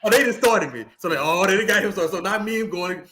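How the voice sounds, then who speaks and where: A man, a podcast co-host and youth football coach, telling a story in animated, casual talk with lots of repeated words. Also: high-pitched, a little fast.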